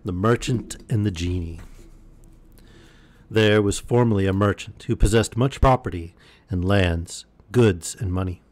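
A man reading a bedtime story aloud in a calm, measured way. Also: lowish voice. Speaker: storyteller streamer.

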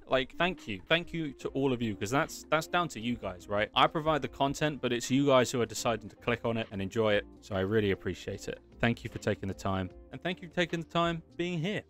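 A man's voice: mid-range voice, fairly bright tone. A chatty man giving a casual screen-share tutorial on his animation work, explaining each step and thanking his viewers. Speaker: creator walking through his animation work.

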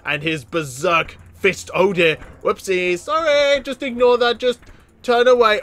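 A man giving excitable gameplay commentary as a channel host, laughing often and breaking into loud exclamations. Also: sits high, measured pace.

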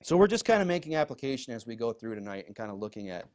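Pastor, male, mid-pitched, relaxed conversational Bible teaching, stresses scripture readings. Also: very fast. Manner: conversational, reads scripture aloud with emphasis, many fillers. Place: church.

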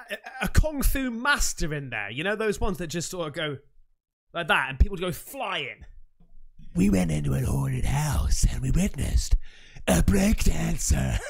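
A young man hosting reaction videos, swearing and shouting out loud as he reacts to scary clips. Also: fairly high pitch, vocal fry. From England.

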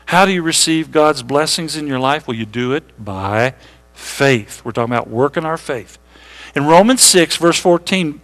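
A man preaching a sermon to his congregation in a church, talking to them directly, asking them questions and slowing down to read scripture. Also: a little high, a bit bright. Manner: conversational preaching, reads scripture slowly, asks congregation questions. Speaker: pastor. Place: church sanctuary.

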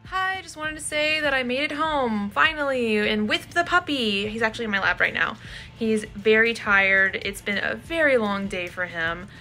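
A woman's voice: fairly high pitch, animated, moderate pace, bright, forceful tone, faint music behind. A woman, talking to her phone camera in a casual, candid vlog with a slightly nervous edge. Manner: chatty, candid and a little nervous. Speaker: vlogger.

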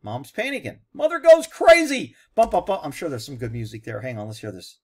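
A man's voice: medium pitch, sing-song, fast talker, slightly rough. A man, a horse trainer, giving blunt, sarcastic reaction commentary over a video.

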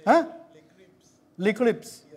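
A male preacher with a British accent delivers a lively church sermon. His voice sits very high, and his delivery is fervent. He calls out to the congregation and jokes with them. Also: very slow, very noisy. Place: church hall.

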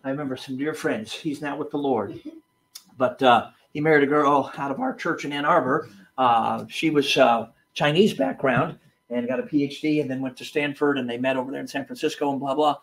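A preacher delivering a sermon, emphatic and storytelling, swinging from loud bursts to hushed asides. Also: male voice, medium pitch, brisk.

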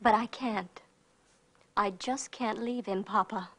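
An actress playing a gangster's wife, talking earnestly and pleadingly in a 1970s crime film. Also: female voice, medium pitch, steady tone, slow pace, fairly bright tone.

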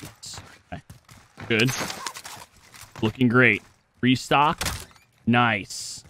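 A young man streaming a shooter game, talking to himself in profane, excitable commentary. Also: medium pitch, slow pace, long pauses, slight background noise. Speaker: gaming streamer. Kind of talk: live gameplay commentary. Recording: game sound mixed under voice.

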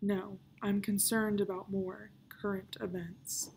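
A woman's voice: mid-range voice, little pitch movement, slow, vocal fry, darkish tone, a little hiss or hum. A woman reading aloud, voicing a brooding, fatalistic male pirate captain of about thirty who talks in grim growls.

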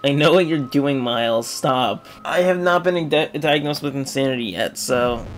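A young man giving casual, rambling commentary over a retro game, swinging from mumbling asides to loud excited outbursts. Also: medium pitch, moderate pace, very noisy. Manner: rambling, excitable, yelps and laughs when the game goes wrong. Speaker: gaming video creator.

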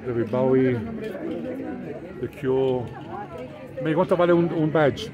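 An Englishman talks casually to a handheld camera as he strolls through an outdoor street market, pointing out stalls and chatting with sellers. His voice sits at an ordinary middle pitch, and thick crowd chatter with passing traffic fills in behind him. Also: a little slow, phone-quality sound. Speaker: vlogger. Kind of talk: casual walking vlog.

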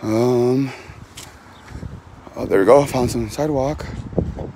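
A man's voice: medium pitch, takes it slowly, background noise. Rambling self-mocking young man outdoors. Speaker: vlogger. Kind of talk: casual vlog while doing yard work. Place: outdoors in a backyard.

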